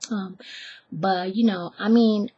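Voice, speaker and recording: Husky woman telling a story. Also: mid-range voice, slow pace, no room sound, highs cut off. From Oakland, California. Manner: chatty, animated, acts out voices, self-deprecating asides. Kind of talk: live personal storytelling.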